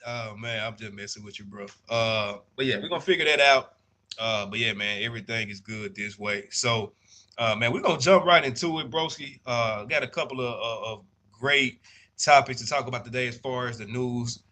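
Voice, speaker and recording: A man's voice: mid-range voice, moderate pace, pushed and bright. A young man, co-hosting a casual sports podcast in a laid-back, drawling way. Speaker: podcast co-host.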